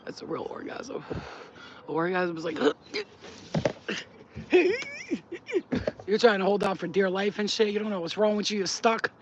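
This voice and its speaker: A woman vlogger chatting casually to camera at home, frank and animated, laughing often and acting things out with sounds. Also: mid-range voice, a little fast, muffled recording, noisy background. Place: at home while cooking.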